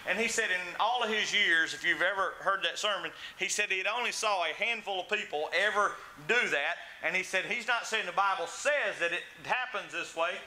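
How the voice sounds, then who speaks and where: A man's voice: high-pitched, brisk, hardly any pauses, sharp tone, rough recording. A man preaching a sermon, telling stories and acting out the voices in them. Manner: storytelling preacher, acts out quoted voices with big swings. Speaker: pastor.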